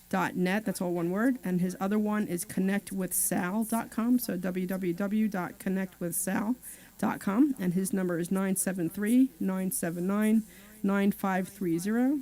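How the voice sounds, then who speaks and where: A woman's voice: medium pitch, mellow. Chatty woman co-hosting a radio show. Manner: chatty, spells out numbers and web addresses slowly. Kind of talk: casual radio talk, reading sponsor ads.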